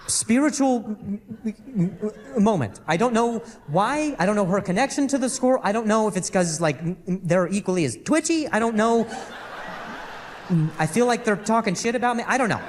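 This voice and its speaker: This is a man doing live stand-up comedy in a high-pitched, animated voice. His delivery halts, with repeated words and humming between phrases.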